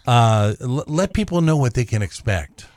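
A man's voice: mid-range voice, expressive, moderate pace, darkish tone, no room sound. A man hosting a live radio show from a studio, talking loosely with lots of uhs. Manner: loose, filler-heavy talk with many uhs. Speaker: radio host.

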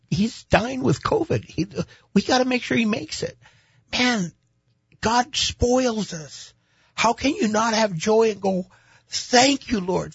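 Husky, emphatic preaching pastor. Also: male voice, sits high, no room sound, lo-fi sound. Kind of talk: faith interview testimony.

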